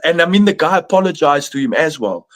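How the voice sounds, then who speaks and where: A man's voice: on the high side, lively intonation, fast, a bit bright. A man on a streamed video call, rambling through his opinions with many likes and restarts. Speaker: podcast panelist. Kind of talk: casual chat.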